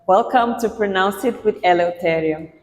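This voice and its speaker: A woman's voice: mid-range voice, normal speed. Woman teacher in an echoey room. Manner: patient, repeats example words for contrast. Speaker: pronunciation teacher. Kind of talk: explanatory lesson. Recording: echoey room with long reverb, faint music.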